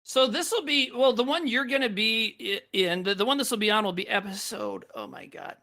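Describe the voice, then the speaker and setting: A man hosting a casual movie podcast, his pitch swinging widely as he talks. His voice sounds bright and forward. He rambles, stacking fillers and restarts. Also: sing-song, a little fast. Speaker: podcast host.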